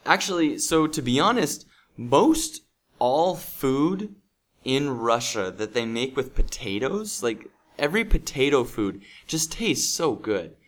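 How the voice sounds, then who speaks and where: A man hosting an English podcast, sounding upbeat and chatty. He talks slowly and casually, with plenty of fillers and restarts, and his pitch sits in the middle for a man. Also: sing-song, fairly bright tone. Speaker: English teacher and podcast host.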